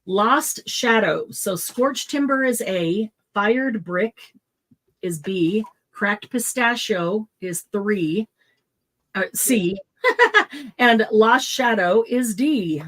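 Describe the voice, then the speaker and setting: A woman's voice: medium pitch, lively intonation, drawn-out words, a bit bright, poor audio. A middle-aged woman hosting a live craft supply sale, chatting casually, laughing often and listing product colors.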